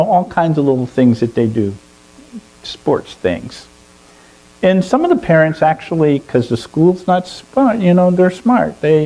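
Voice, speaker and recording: A man telling a long story to a fellowship gathering in an animated way, often chuckling. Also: mid-range voice, creaky, rough recording. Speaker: speaker at a fellowship service. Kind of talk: storytelling sermon.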